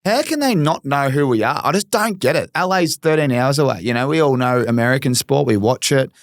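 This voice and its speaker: A man's voice: medium pitch, animated, a little fast, dry recording, studio quality. An Australian man hosting an interview, enthusiastic and chatty, laughing often. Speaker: host. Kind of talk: casual interview chat.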